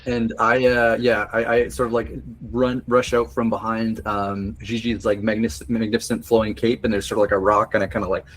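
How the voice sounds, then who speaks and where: A man's voice: lowish voice, little pitch movement, moderate pace, hardly any pauses, fairly bright tone, low-quality recording. A man playing a tabletop game, describing his moves in a rambling way full of fillers. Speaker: player. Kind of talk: casual tabletop play.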